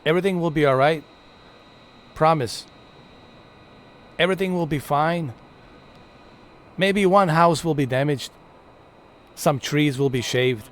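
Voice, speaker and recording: A man's voice: fairly high pitch, a little slow, pauses often. A young man casually commenting on his own live gameplay stream, joking, swearing and narrating in a mock-dramatic way.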